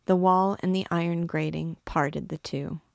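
A woman reading a classic novel aloud, narrating with measured, expressive storytelling. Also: fairly low pitch, vocal fry, no echo, clean studio sound. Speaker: book reader and guide. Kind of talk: literary read-aloud narration.

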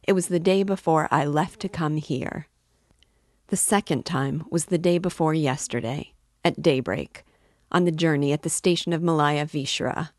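A woman's voice: deep voice, normal speed, no room sound, studio quality, close to an everyday voice. A woman reading as a sly musing landowner. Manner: rambling, confiding, oddly offhand. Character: sly, musing middle-aged male landowner. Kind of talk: reading a novel aloud.

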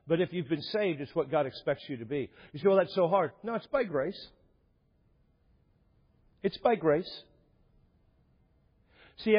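Guy pastor preaching, kinda high voice, a bit husky, echoey church sound. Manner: earnest, direct questions to the congregation. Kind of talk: sermon. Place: church sanctuary. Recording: dull echoing church hall.

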